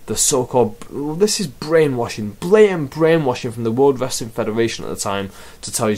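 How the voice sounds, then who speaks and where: A man's voice: medium pitch, expressive, brisk, few pauses, a little mellow. A man giving a rambling, sarcastic wrestling review and swearing freely. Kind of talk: casual spoken review.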